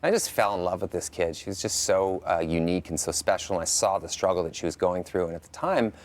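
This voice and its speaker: A man talking as a guest in a TV studio interview, reflective and halting with frequent restarts. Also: sits low.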